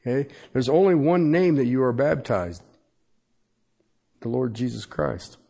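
A man's voice: mid-range voice, lively intonation, unhurried, vocal fry, mellow. A man preaching a sermon as pastor, emphatic and repetitive, often checking in with his listeners. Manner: emphatic preaching with sudden pace shifts and repeated "Okay?". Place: church.

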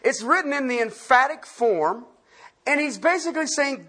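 A pastor teaching a Bible-study sermon, asking the listeners questions and swinging from loud emphasis to quiet asides. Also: sits high, expressive, moderate pace, husky.

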